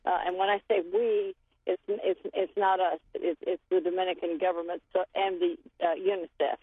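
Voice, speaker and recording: A woman's voice: lowish voice, little pitch movement, moderate pace, husky, dry recording. Aid director, woman, phone-in guest; earnest, restarts often, voice wearing thin, tinny line. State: losing her voice. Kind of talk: phone interview. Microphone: cell phone.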